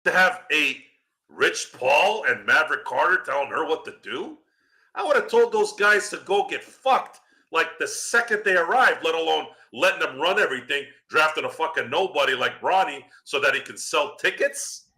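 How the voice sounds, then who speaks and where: A male podcast host delivers a profane, angry rant. His voice is very bright and cutting, dropping into a low growl before flaring into loud outbursts. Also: lively intonation, normal speed. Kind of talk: profane ranting commentary.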